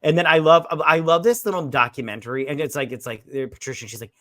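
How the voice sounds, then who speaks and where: A man's voice: a little high, fairly even intonation, fast, fairly bright tone, dry recording, studio quality. A man co-hosting a casual movie review chat, rambling and retelling scenes with a lot of "he's like.". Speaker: movie review podcast co-host.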